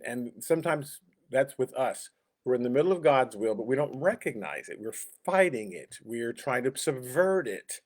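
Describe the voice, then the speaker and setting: Man teaching Sunday school casually. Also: mid-range voice. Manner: conversational, chuckles often, acts out quoted lines.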